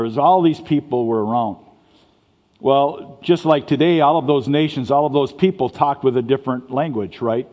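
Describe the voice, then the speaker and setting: This man's voice is medium-pitched and warm as he preaches as a pastor. The talk is conversational, with stammers and restarts, recorded in a church sanctuary where the hall's reverb lingers.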